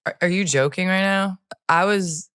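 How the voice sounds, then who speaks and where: Woman, 40s, podcast host; low-ish voice, playful and animated, dry close studio sound. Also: normal speed, clean tone, no echo. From United States. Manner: playful, laughs easily, animated storytelling. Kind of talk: casual podcast chat.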